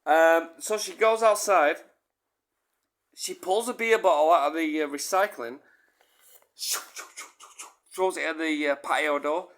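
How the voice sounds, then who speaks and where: A man's voice: fairly high pitch, a little slow, long pauses, a bit bright. A man telling a rambling comic anecdote, swearing casually and often repeating and correcting himself. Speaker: storyteller.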